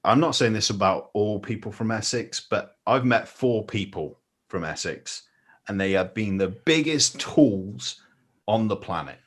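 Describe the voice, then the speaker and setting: A man hosting a casual panel chat over a video call, easygoing and quick to laugh along. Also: lowish voice, lively intonation, slightly rough. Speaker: panel show host.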